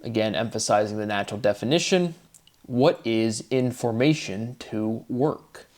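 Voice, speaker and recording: A man's voice: mid-range voice, normal speed, darkish tone. Man musing through rhetorical questions. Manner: rambling, asks himself rhetorical questions, wordplay. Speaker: solo lecturer. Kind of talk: solo spoken monologue on word theory.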